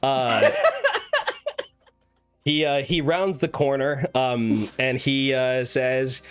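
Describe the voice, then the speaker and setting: A man narrating a tabletop game as dungeon master, with halting, filler-heavy narration. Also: medium pitch, steady tone, smooth, soft background music.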